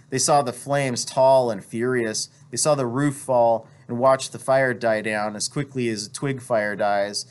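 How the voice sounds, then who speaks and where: A man who teaches reads a novel aloud and stops now and then to explain passages. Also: medium pitch. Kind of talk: read-aloud with commentary.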